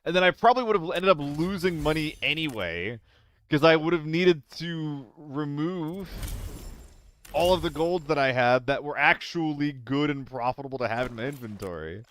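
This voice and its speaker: A young man chatting casually with his viewers while streaming a game, playful and quick to laugh. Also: on the high side, lively intonation, a bit bright, a little hiss or hum. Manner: playful, apologetic, laughs often.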